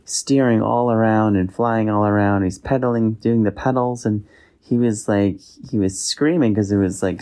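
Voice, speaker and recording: A father telling his son an improvised bedtime story in a gentle, rambling way. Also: lowish voice.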